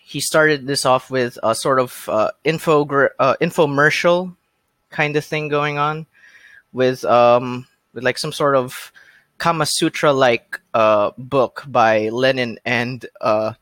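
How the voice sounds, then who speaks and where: A man hosting a podcast in casual chat, talking in a halting way with many fillers and restarts. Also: mid-range voice, a bit bright, no room sound. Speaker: podcast host.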